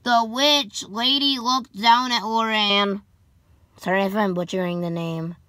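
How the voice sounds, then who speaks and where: A young woman reading a children's book aloud slowly, stumbling over names and dropping sarcastic asides. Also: medium pitch, fairly even intonation, bright, forceful tone, dry recording. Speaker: storybook reader.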